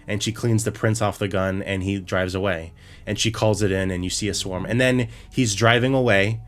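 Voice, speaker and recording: A man with a fairly low voice co-hosts a casual podcast. He retells a show in an exasperated, swearing rant and keeps stumbling and restarting his sentences. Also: fairly even intonation, brisk. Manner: profane, exasperated ranting with many restarts. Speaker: podcast co-host.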